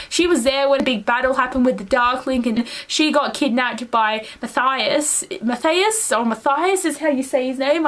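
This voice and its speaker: A young woman reviewing a book in a casual, gushing and rambling way, full of fillers and excited outbursts. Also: on the high side. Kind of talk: casual chat.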